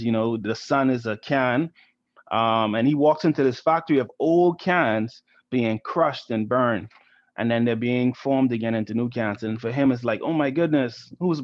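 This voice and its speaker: The muffled recording captures a medium-pitched Bahamian man, a volunteer art teacher, reading a story to kids over a video call. He's chatty and often asks them "right?", speaking through a computer mic.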